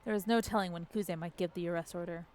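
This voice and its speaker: A woman's voice: lowish voice, fairly even intonation, fast, darkish tone. Joking woman streamer reading a game aloud. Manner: joking, reacts and swears between narration lines. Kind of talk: live game playthrough read aloud.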